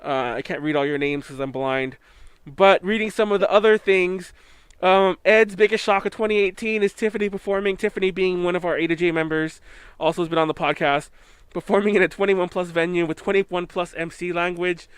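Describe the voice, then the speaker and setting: A man's voice: high-pitched, fairly even intonation, brisk, clear, resonant tone, no echo. A man with a Californian accent hosting a live podcast, chatting casually and rambling with many fillers and restarts. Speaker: podcast host. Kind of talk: casual chat.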